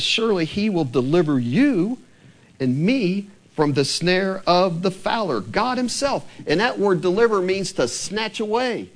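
In this sermon, a pastor speaks from the sanctuary with a fairly high voice that ranges widely in pitch. Rhetorical questions go out to the congregation, and scripture readings come lower and slower.

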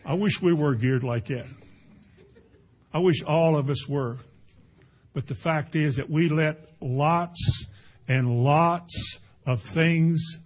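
A husky-voiced man preaches in a folksy, conversational way, slipping into homely stories and imitating noises as he goes. His voice sits a little higher than most men's and carries a slight rasp. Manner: folksy, animated storytelling with sound effects. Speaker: pastor. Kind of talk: conversational sermon.

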